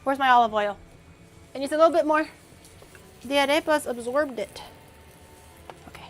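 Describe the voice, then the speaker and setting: Chatty high-voiced woman cooking on stream. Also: moderate pace. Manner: chatty, thinks aloud, snaps back at chat. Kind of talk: casual cooking livestream chat.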